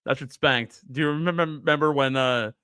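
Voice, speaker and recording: A man in his twenties telling rambling stories in a casual chat, with animated bursts. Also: mid-range voice, fairly quick, clear, resonant tone, dry recording, studio quality. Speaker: panelist.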